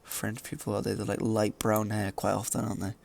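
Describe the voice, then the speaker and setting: A man's voice: lowish voice, little pitch movement, fairly quick, vocal fry, a little mellow, soft background music. A man giving casual gameplay commentary, thinking aloud and hesitating with fillers as he goes. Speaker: let's play gamer.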